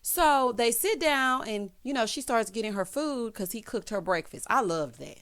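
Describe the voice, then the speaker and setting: A woman in her thirties recapping a reality show in a sassy, animated way, tossing in "honey" and "child" as she goes. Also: on the high side, normal speed, clean tone.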